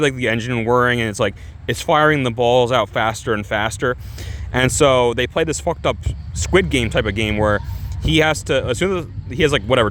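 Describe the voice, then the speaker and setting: A man's voice: mid-range voice, fairly bright tone, slight background noise. A young adult man casually reviewing a movie, rambling with restarts, constant filler words and swearing.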